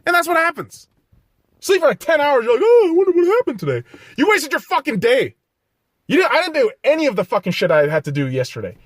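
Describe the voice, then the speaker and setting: A man's voice: very high voice, very animated, quick pace, fairly bright tone, dry recording, clean studio sound. A man hosting a solo podcast, ranting profanely and criticizing himself between blunt pep-talk asides. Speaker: podcast host.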